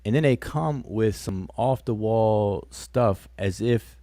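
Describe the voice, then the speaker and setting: A man with a deep, mellow voice hosts a laid-back live stream from home. He rambles in a loose, conversational way. The computer mic sounds dry, with no room echo. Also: slow. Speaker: livestream host. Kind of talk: casual live-stream chat.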